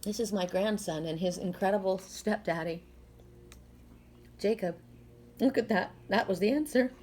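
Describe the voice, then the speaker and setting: A woman's voice: medium pitch, normal speed, long pauses, darkish tone, slight background noise. An older woman giving a casual spoken oracle card reading, earnest and spiritual, talking straight to viewers with frequent restarts and self-corrections.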